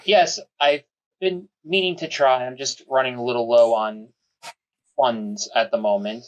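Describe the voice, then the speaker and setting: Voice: medium pitch, fairly even intonation, unhurried, lightly acted. Player voicing a careful polite adventurer. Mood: cautious. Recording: dull lo-fi sound.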